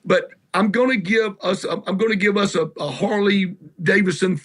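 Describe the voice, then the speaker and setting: A man's voice: high-pitched, fairly even intonation, normal speed. A man with a Southern accent, a guest musician telling rambling, salty anecdotes in a casual interview. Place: garage.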